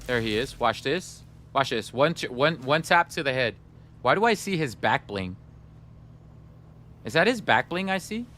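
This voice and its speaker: Streaming a video game live, a man chats playfully with his viewers and whines in mock sadness as he comments on the gameplay. His mid-range voice is very animated, bright and forceful at normal speed, with a little hiss or hum in the audio.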